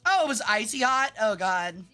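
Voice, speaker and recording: A bright, fairly high voice from a young woman from Memphis, chatting loosely on a game stream. She is animated, swears freely and breaks into laughs and shrieks. Music plays softly behind her. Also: normal speed. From Memphis, US South. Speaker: vtuber streamer. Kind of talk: casual live-stream chat while gaming.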